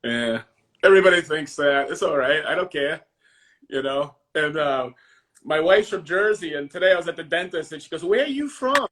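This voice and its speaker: A man's voice: fairly high pitch, normal speed, fairly bright tone. A middle-aged man with a Maine accent, chatting casually as a guest, rambling with many fillers and frequent laughs. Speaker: guest, finisher. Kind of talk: casual chat.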